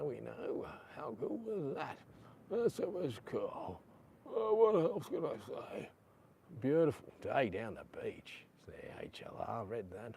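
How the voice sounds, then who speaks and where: A man's voice: mid-range voice, darkish tone, a little hiss or hum. A middle-aged Australian man chatting casually on a live stream, reading out viewer comments, with a lapel mic clipped to his chest. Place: outdoors on a beach.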